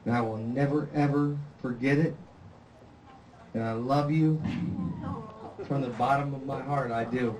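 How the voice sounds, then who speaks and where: A man giving a halting, heartfelt birthday toast, repeating himself as he speaks. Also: mid-range voice, steady tone, a little mellow, slight background noise. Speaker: toast giver at a birthday party. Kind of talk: emotional speech. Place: room at a family party. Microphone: far camcorder. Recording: echoey room from far off, chatter.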